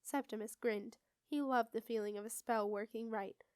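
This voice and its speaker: A woman's voice: on the high side, normal speed, clean tone, no room sound. Woman reading a storybook, dry close sound. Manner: steady expressive read-aloud. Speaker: audiobook reader. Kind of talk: storybook narration.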